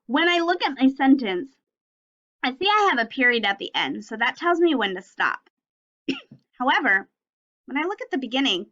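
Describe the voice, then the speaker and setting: A woman teaching young children a phonics and sentence lesson on video, speaking slowly and clearly in an encouraging way. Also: fairly high pitch, a bit bright. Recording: slightly dull lo-fi audio.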